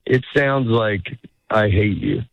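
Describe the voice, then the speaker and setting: Middle aged comic dude rambling, acting out little quotes, muffled lo-fi sound. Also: male voice, lowish voice, wildly swooping pitch, slow, creaky, no echo. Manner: rambling, self-interrupting, acts out quoted lines. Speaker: stand-up comedian guest. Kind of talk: casual interview chat. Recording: dull lo-fi sound.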